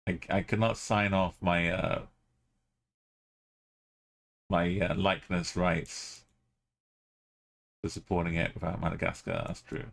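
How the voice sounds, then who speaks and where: A man's voice: deep voice, little pitch movement, measured pace, vocal fry, long pauses, fairly bright tone. A man streaming a game live, thinking aloud as he plays and chatting with his viewers.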